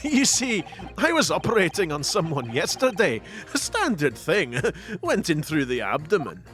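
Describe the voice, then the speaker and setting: A man's voice: a little high, wildly swooping pitch, unhurried, fairly bright tone, faint music behind, full character voice. A man doing a sheepish Scottish surgeon. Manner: hesitant, sheepish, stammering. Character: bumbling male surgeon juror, anxious, sheepish.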